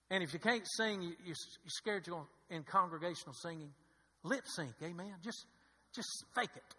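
A pastor, a man with a very high, piercing bright voice, preaching with emphatic repetition and calls for amens. He swings from loud exhortation down to hushed intensity. His voice rings through a church hall with a long reverb. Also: expressive, fairly quick, breathy edge. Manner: emphatic, repetitive preaching with call-and-response "amen". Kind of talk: sermon. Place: church sanctuary.

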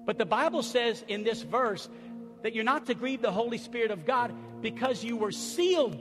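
A pastor preaching a sermon and leading a closing prayer, moving from hushed, intimate lines to rising, impassioned outbursts. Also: male voice, very high-pitched, animated, moderate pace. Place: church sanctuary. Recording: echoey hall with music behind. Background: soft music underneath.

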